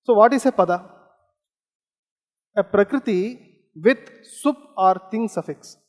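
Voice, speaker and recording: A man from India delivers an academic lecture in a fairly high voice. He explains patiently and often stops on "okay" and "uh" fillers. His voice carries a long reverb, as if recorded in a lecture hall. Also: unhurried, a little mellow.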